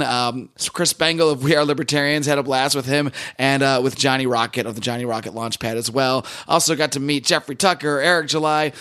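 A man hosting a podcast, talking casually with a slightly hoarse, rough voice. He chats loosely and promotes the show between stories. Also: on the high side, fairly bright tone. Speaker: podcast host.

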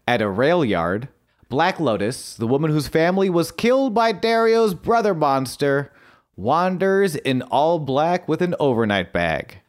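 Guy on a podcast running through a recap, middle pitch, lots of uh and restarts, excited. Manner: eager storytelling recap with fillers and restarts. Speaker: podcast co-host. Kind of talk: casual recap chat.

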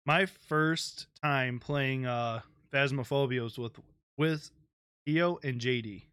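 A man's voice: medium pitch, slow pace, fairly bright tone, smooth, no echo, clean studio sound. A man hosting a podcast, bantering casually with plenty of swearing. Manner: laid-back, profane banter. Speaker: podcast host. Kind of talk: casual chat.

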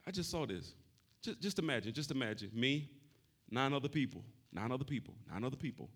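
A man preaching a sermon, calling out to the congregation and shifting between loud shouting and soft, conversational talk. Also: medium pitch, animated, a little fast, slightly rough. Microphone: wearing a mic.

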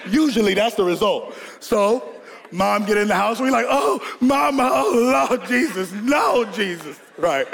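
A man from Georgia preaching a sermon, telling a lively childhood story with laughter and call-and-response to the congregation. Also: fairly high pitch. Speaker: pastor. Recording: long hall reverb.

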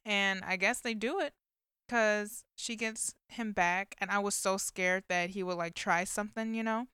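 A woman with a bright, forward voice talks casually, filling her retelling with likes and you-knows. Her tone is very smooth and clean, recorded close and dry with no room sound. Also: mid-range voice, fairly even intonation, a little slow, dry recording. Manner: chatty storytelling with many fillers. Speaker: vlogger recapping a movie. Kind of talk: casual chat.

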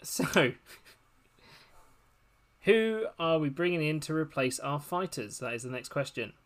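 A man's voice: a little high, expressive, a little slow, a bit bright. Man hosting a chatty game round. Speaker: host and referee of a fantasy fight game. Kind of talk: casual podcast chat.

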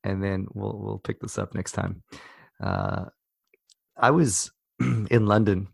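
Gravelly South African man, halting. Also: fairly low pitch, wildly swooping pitch, no echo, studio quality. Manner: rambling, halting, many restarts. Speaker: podcast co-host. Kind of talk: casual storytelling chat. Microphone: video call.

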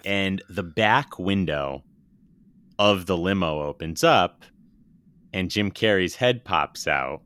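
A man's voice: sits low, expressive, slow pace, a bit bright, smooth, no room sound. A man co-hosting a casual movie podcast, retelling film scenes with enthusiasm and the odd swear. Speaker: podcast co-host.

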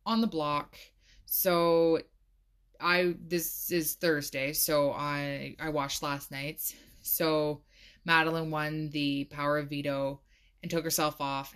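A woman's voice: low voice, a bit bright. A woman hosting a casual solo podcast, chatty and full of "like," laughing now and then. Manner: chatty, says "like" a lot, laughs often. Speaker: podcast host.

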